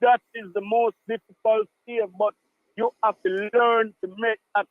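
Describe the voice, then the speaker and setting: A man's voice: sits high, moderate pace, no room sound. Jamaican man calling in over a tinny phone line. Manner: animated, patois-laced, repeats himself. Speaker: caller. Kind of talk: call-in radio chat.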